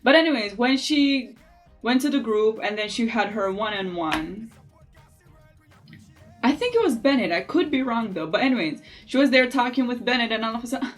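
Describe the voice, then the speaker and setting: A beauty vlogger chats casually while doing her makeup, offering opinions and lively asides in a relaxed tutorial. Her voice is fairly high and her speed normal, with faint music in the background.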